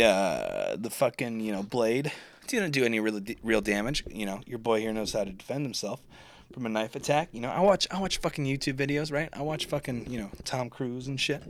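A man with a mid-range, slightly bright voice tells a story on his podcast as a casual monologue. He rambles, swears, and mocks himself along the way.

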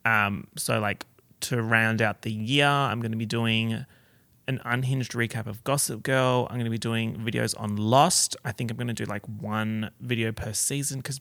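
A man's voice: medium pitch, moderate pace, creaky, a bit bright, dry recording. A man hosting a casual solo podcast, chatty and campy, full of slang and swearing, recorded on a portable recorder. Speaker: podcast host.

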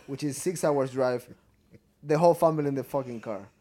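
A man's voice: mid-range voice, a little fast, faint music behind. A man from Ecuador with an Ecuadorian Spanish accent, a native Spanish speaker co-hosting a podcast, talking fondly and profanely about a family car. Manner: fond, excitable, profane. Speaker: podcast co-host. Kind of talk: casual chat.

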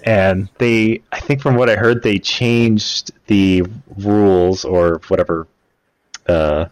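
Male podcast co-host, very low voice, dry storytelling recap. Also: fairly even intonation, slow pace. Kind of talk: casual podcast chat.

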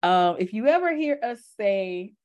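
A woman's voice: medium pitch, sing-song, a little slow, darkish tone. A woman with a Southern US accent co-hosting a podcast, reminiscing in easygoing casual chat with frequent laughs. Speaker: podcast co-host.

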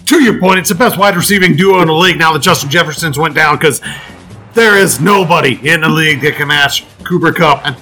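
Male co-host, brash banter, bright tone, light music behind. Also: fairly high pitch. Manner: brash, joking, quick banter. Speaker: podcast co-host. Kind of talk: casual sports betting chat.

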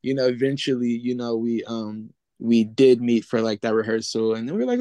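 A man's voice: medium pitch, expressive, brisk, few pauses, warm tone, no echo. A man with a mid-range voice answers hesitantly, searching for his words. The sound is dry and close. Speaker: band member, guest. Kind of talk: casual interview answers.

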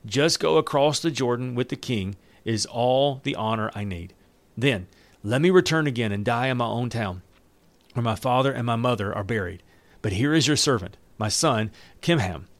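A man's voice: mid-range voice, lively intonation, moderate pace, no echo. A man reading a Bible passage aloud, now and then stopping to retell it loosely in everyday words. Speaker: Bible reader and teacher. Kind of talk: Bible reading with casual commentary.

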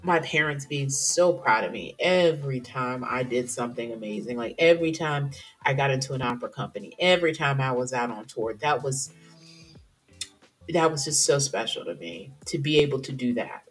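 Low-voiced lady podcaster, candid and chatty, faint music behind her. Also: moderate pace. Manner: candid, emotional, chatty with self-interruptions. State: teary at times. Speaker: podcast host. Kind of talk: personal podcast monologue.

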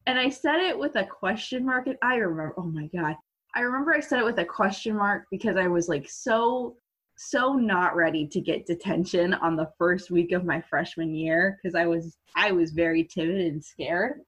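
Husky teenage girl telling a story. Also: fairly low pitch, normal speed. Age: teens. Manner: animated, laughing storyteller. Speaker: guest. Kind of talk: casual storytelling. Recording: muffled lo-fi audio.

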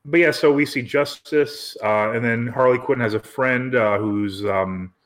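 A man's voice: mid-range voice, a little slow. A man co-hosting a casual podcast, picking apart a movie in a sarcastic, rambling way with frequent restarts. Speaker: podcast co-host. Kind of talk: casual movie review chat.

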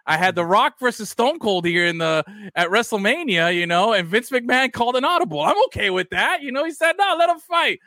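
A man hosting a casual podcast chat, animated and profane, often restarting his sentences. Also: high voice, fairly quick, no room sound, clean studio sound. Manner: animated, swearing, restarts a lot. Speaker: podcast host.

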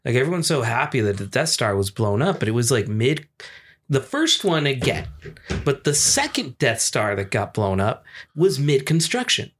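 A man's voice: medium pitch, big pitch swings, normal speed, a bit bright, slight background noise. A young man co-hosting a podcast, riffing casually, swearing freely and spinning hypothetical scenarios. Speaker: podcast co-host. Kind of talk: casual chat.

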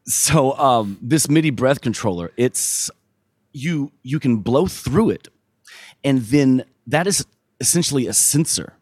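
A man's voice: mid-range voice, lively intonation, measured pace, a little mellow, breathy edge, dry recording, clean studio sound. A man, a streamer and musician, chatting casually in an interview, laid-back and rambling with many fillers and restarts.

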